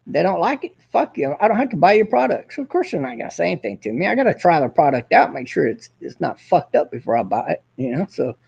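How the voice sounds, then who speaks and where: Husky, animated man ranting profanely. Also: on the high side, fast, hardly any pauses, highs cut off. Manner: profane, combative, boastful. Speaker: host. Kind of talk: casual ranting monologue.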